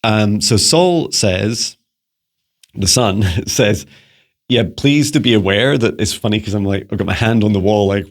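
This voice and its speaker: Rambling low-voiced psychic man. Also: unhurried. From Scotland. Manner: rambling, many restarts and fillers; playful beeping noises. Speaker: psychic mentor answering viewer questions. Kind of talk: casual channelling monologue.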